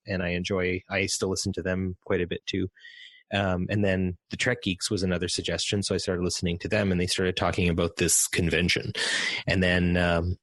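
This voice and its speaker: A man with a fairly low voice recounts his story as a guest on a podcast. He rambles and restarts often, quoting people as he goes. The sound is dry, with no room in it. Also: little pitch movement, a little fast, fairly bright tone, no echo. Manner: rambling, with many restarts and acted quotes. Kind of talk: casual interview storytelling.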